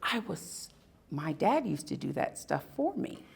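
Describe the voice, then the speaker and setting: A woman giving a live talk at an expo, telling personal stories with emphatic, dramatic pauses. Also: low voice, very animated, creaky, slightly rough. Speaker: speaker at a spirituality expo. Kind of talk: live storytelling talk to an audience.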